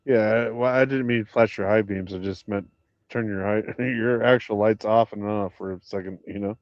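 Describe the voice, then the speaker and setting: A man's voice: on the low side, steady tone, moderate pace, dry recording, lo-fi sound. A man calling into a stream, chatting casually and ribbing the host in a laid-back way. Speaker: caller on the stream. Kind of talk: casual chat.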